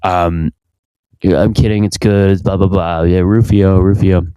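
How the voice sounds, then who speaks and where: A man's voice: low-pitched, steady tone, a little slow, warm tone, clean tone, no echo. A young man hosting from his home basement, rambling crudely through a casual comedic monologue and interrupting himself often. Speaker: podcast host.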